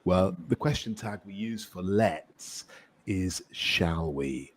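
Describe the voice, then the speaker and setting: A man co-hosting a podcast English lesson, relaxed and affirming as he explains grammar clearly. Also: low voice, slow pace. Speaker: co-host and English teacher.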